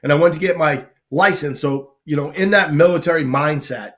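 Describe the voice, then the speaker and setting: A man, casually telling lively army anecdotes on a live talk show and acting out the people he quotes. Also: on the high side, brisk. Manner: animated anecdotes, acts out quoted people, laughs often. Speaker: guest storyteller, army veteran.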